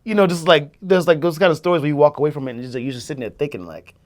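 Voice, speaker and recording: A man's voice: fairly high pitch, rapid-fire. A young man, a music producer, telling a story in casual chat, loose and full of fillers. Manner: loose, filler-heavy, many "like"s, acts out quotes.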